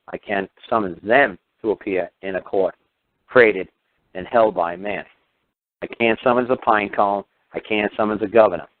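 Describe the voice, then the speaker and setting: Swearing and hurling combative rhetorical questions, this radio talker delivers a fiery rant in a fairly low voice. There's no echo, and the sound has a thin phone-line radio quality.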